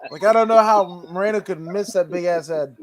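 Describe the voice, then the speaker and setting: A man's voice: high-pitched, fairly quick. A man co-hosting a casual podcast, joking loosely and swearing freely.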